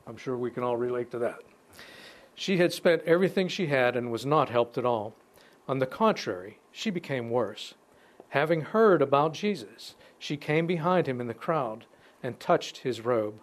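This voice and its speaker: A man leads a casual Bible lesson at an ordinary pitch. He reads scripture and breaks off to add his own remarks. He talks like he is chatting with a small group and often restarts his phrases. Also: lively intonation. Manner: conversational, pauses to comment between verses, restarts phrases. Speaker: Bible teacher. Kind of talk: informal Bible study talk with scripture reading.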